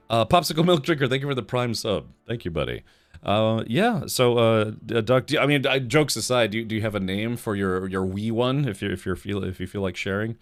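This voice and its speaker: A man's voice: fairly low pitch, lively intonation, a little fast, soft background music. A man hosting a casual livestream, joking and rambling as he reads chat messages aloud. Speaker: livestream host.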